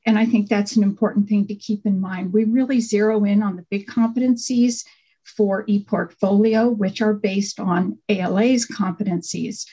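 A middle-aged woman, a faculty panelist, giving a conversational workshop talk over a video call with frequent pauses and fillers. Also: medium pitch, steady tone, mellow, slightly rough, poor audio. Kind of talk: online workshop presentation.

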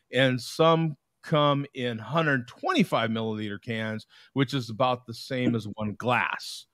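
A man from the United States hosting a casual video-call chat, talkative, laughing often and reading aloud in a halting way. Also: medium pitch, fairly bright tone, no echo. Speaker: host.

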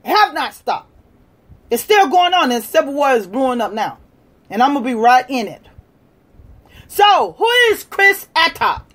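Woman livestream host, combative lecturing rant, high voice, lively swooping pitch, loud bursts and low mutters. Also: moderate pace. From United States. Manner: combative, lecturing, shifts between shouting and quiet muttering. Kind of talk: live-stream rant to viewers.

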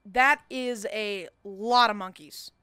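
A woman doing gameplay commentary, swearing freely and slipping into melodramatic mock-heroic monologues with bursts of yelling. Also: mid-range voice, slow pace, clean tone, dry recording. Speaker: gamer.

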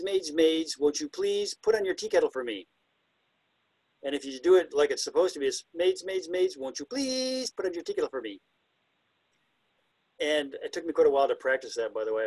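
A man's voice: medium pitch, no echo, rough recording. A man presenting a talk on identifying birds by ear, chatty and self-deprecating, now and then imitating the calls. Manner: imitates bird calls with hoots and whistles. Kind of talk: illustrated talk on bird songs.

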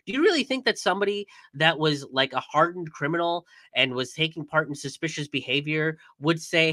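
A man's voice: fairly high pitch, animated, normal speed, hardly any pauses, sharp tone, dry recording. A young man commenting in a casual stream, angry and profane, with many fillers and restarts.

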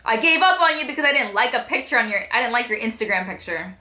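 A woman's voice: a little high, expressive, quick pace, sharp tone. A young woman vlogger telling a personal account to the camera in a candid, conversational way. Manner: candid, conversational, quotes text messages aloud. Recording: echoey room.

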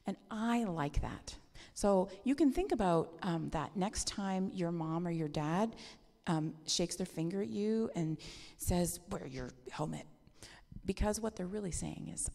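Gravelly woman giving a children's talk. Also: medium pitch, animated, moderate pace, warm tone. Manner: friendly, asks children questions. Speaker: children's message leader at a church service. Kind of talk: children's talk in a church service. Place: church sanctuary. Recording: long reverb of a church hall.

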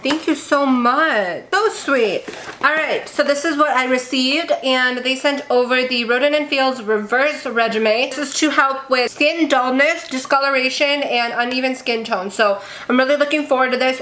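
Young woman, beauty vlogger, high voice, excitable, gasping, casual unboxing chat, faint clicks. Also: slight background noise. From India. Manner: gushing, excitable, gasps often.

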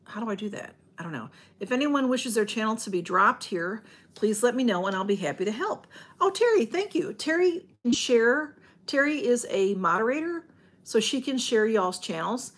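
Lady rambling on a home livestream, kinda husky, a bit high. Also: lively intonation, moderate pace. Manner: rambling, chatty, greets viewers and reads comments aloud. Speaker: livestream host. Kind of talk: casual livestream chat.

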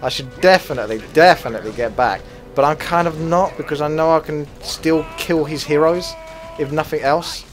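A man commentating his own strategy game as he plays it, swearing freely and flaring into loud rage before calming down again. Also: fairly high pitch, normal speed, soft background music. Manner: swears a lot, flares into loud rage then calms. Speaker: gaming commentator. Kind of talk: gameplay commentary.

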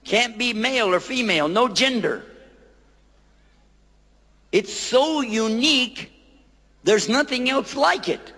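A man giving a playful public lecture on a microphone, quizzing his audience and repeating words slowly for them to say back. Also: very high-pitched, lively intonation, sharp tone. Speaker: lecturer on Islam. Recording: long hall reverb.

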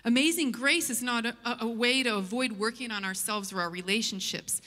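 A woman's voice: a little high, brisk, sharp tone. A woman pastor delivering an earnest sermon, mixing scripture and storytelling. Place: church sanctuary. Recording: long church hall reverb.

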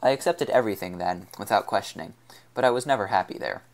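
A man's voice: on the low side, fast, natural voice. A man reading as a bitter young woman. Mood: earnest. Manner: trembling, scornful delivery. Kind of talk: audiobook character reading.

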